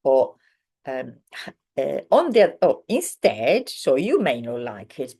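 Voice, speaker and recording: A woman teaches a beginners' language lesson in a casual, patient way, often pausing with ums and correcting herself. Her voice sits very low and she speaks slowly. She walks through examples one at a time. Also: big pitch swings, gravelly, dark tone, slightly rough. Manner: explains patiently with frequent ums and self-corrections. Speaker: Italian teacher.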